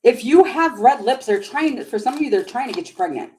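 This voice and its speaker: Woman, tarot reader on a live stream, slightly high-pitched, keeps giggling and getting flustered. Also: lively intonation, a little fast, warm tone, a little hiss or hum, rough recording. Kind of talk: live tarot reading chat.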